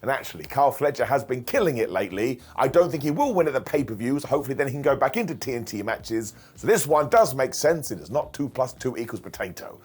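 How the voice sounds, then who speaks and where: A man in his thirties recaps a wrestling show in a casual, chatty way, with a wry humor that runs through his talk. His voice rises and falls a great deal as he talks, and he slips into quick takes on what the wrestlers said. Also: mid-range voice, sing-song, a little mellow, breathy edge.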